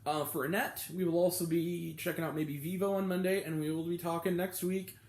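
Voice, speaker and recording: A man hosting his own movie review vlog, talking casually and ranting with pitch jumping up when annoyed. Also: level tone, fairly quick, a little mellow, roomy sound.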